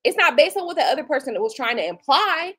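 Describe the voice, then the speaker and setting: Profane, animated high-voiced woman ranting. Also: fast, rough recording. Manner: blunt and profane, animated, with mocking quoted retorts. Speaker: tarot reader and livestream host. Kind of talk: casual livestream rant.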